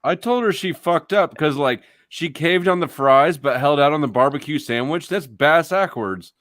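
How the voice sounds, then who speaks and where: A man's voice: on the high side, animated, moderate pace, fairly bright tone, no echo, studio quality. A man in casual chat with friends, teasing and wisecracking.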